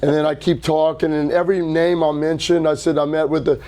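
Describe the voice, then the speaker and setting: A middle-aged man and record label founder telling an animated anecdote at an indoor hi-fi event, acting out quotes and swearing casually. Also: on the high side, brisk. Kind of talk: casual storytelling interview.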